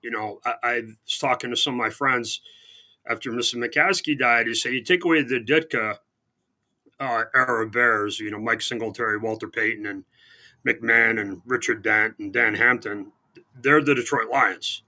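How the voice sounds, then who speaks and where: A man's voice: medium pitch, fairly even intonation, normal speed, bright, forceful tone. A man co-hosting a sports radio show, chatting casually and sarcastically, with lots of restarts. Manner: rambling, sarcastic, many restarts. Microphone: remote call-in line.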